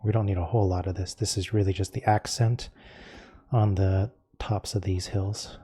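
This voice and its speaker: A man teaching a painting lesson, explaining each step calmly and unhurriedly as he works. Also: deep voice, moderate pace, breathy edge. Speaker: painting instructor.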